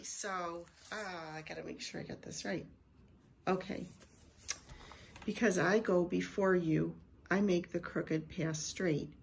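A middle-aged woman, a Christian prophetic speaker, slowly and reverently reading a prophetic word and sharing a vision. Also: on the low side, creaky, a little mellow, a little hiss or hum.

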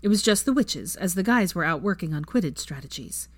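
A woman's voice: fairly low pitch, fairly quick. A woman narrating a fan fiction story as its reader. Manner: expressive storytelling. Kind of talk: scripted narration.

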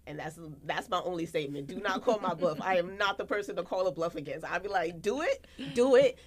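A young American woman chats casually as a podcast co-host, her voice sitting a little low for a woman. She tells stories in an animated way, leaping up in pitch whenever she acts out what someone said. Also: fast. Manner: animated, acts out quotes with big pitch jumps. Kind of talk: casual storytelling chat.

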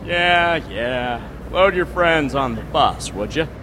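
An actor playing a brisk, exasperated young man giving orders in a game, over street noise. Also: on the high side, lively intonation.

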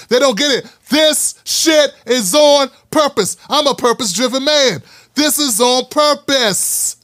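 A man's voice: very high-pitched, pushed and bright, dry recording, clean studio sound. A man hosting his own commentary show, delivering a blunt, profane monologue with emphatic repetition. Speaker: political commentary host. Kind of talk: fiery direct-to-camera monologue.

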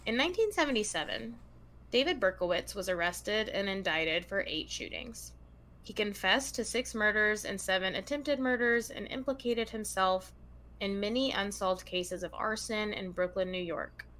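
A woman's voice: mid-range voice, expressive, moderate pace, fairly bright tone. A woman hosting a true crime podcast, telling the story and reading long passages aloud with chatty asides to her co-host.

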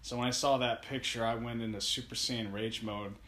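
A man co-hosting a podcast, reviewing a movie in casual, profane, animated chat. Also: medium pitch, a little fast. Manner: profane, animated, laughing rants. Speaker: podcast co-host. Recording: echoey room with faint noise.

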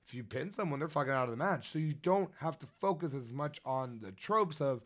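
A man's voice: a little high, animated, a little fast, hardly any pauses, a bit bright. Man chatting profanely on a podcast. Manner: profane, explains at length. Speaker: podcast co-host. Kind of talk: casual podcast chat.

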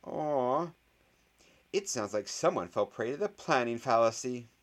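Smug, teasing young schoolgirl, lifted bright tone, a man doing the voice. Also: unhurried, lightly acted. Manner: high, excited, teasing. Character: gleeful bossy young schoolgirl, smug and triumphant.

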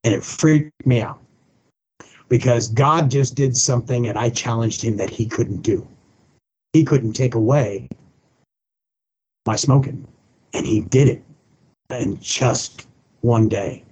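A man's voice: medium pitch, takes it slowly, long pauses, darkish tone, breathy edge, poor audio. A man, a pastor, telling his recovery testimony in a blunt, colloquial way and acting out the people he quotes. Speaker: pastor and podcast guest. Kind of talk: personal testimony in conversation.

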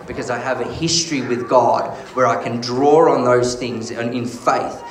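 A man preaching a sermon, telling stories with animated energy and frequent laughter. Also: medium pitch, normal speed, hardly any pauses, echoey room, a little hiss or hum, low-quality recording. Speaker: pastor.

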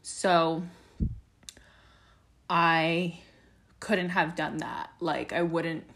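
A woman's voice: deep voice, fairly even intonation, extremely slow, gravelly, fairly bright tone. A young woman hosts her own podcast alone, chatting candidly and a little aimlessly. She drifts from thought to thought, swears casually, and sounds open and unfiltered. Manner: rambling, frank, swears freely. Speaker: podcast host. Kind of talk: candid solo podcast chat.

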